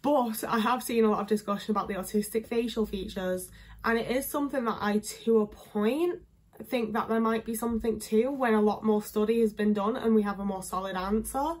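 A woman's voice: a little high, brisk, a little mellow. Chatty young woman, northern english accent. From England. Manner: chatty, lots of fillers, candid. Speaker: vlogger. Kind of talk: casual talking-head chat.

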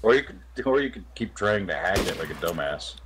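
A man's voice: low-pitched, a little fast, noisy background. A man chatting sarcastically with a friend while recording a let's play. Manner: sarcastic, lively, excitable. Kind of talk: casual chat over gameplay. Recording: loud gameplay audio behind.

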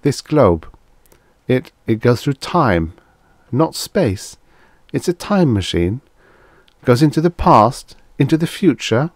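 A man voicing an anxious officer who speaks haltingly, repeating words as he questions. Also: fairly low pitch, a little mellow, no echo, studio quality, close to an everyday voice. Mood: tense. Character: anxious male officer, urging calm.

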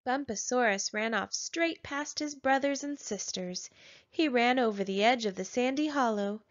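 A woman reading a children's picture book aloud with gentle, measured storytelling. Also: on the high side. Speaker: storybook narrator. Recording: dull lo-fi sound.

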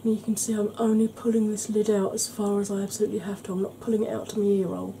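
Woman talking thru her eye makeup, mellow soft voice, clears her throat a lot, faint hum behind. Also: mid-range voice, flat delivery, quick pace, poor audio. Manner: soft, chatty explaining with frequent throat clearing. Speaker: beauty vlogger. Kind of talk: ASMR makeup tutorial.

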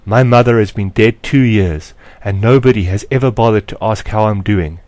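A man's voice: on the low side, moderate pace, a little mellow, no room sound, natural voice. A man reading aloud, voicing an angry, bitter schoolboy necromancer who raises his voice in indignation. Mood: indignant. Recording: dry close recording.

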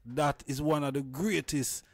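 A man's voice: fairly high pitch, steady tone, measured pace, no room sound. A man with a Jamaican accent hosting a reasoning, asking questions in a hesitant way full of fillers. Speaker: host. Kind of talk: casual reasoning.

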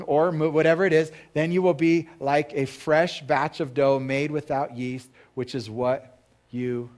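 A male pastor with a highish, darkish voice delivers a sermon in church, chatting casually with the congregation, asking them questions, and performing the characters in his stories.

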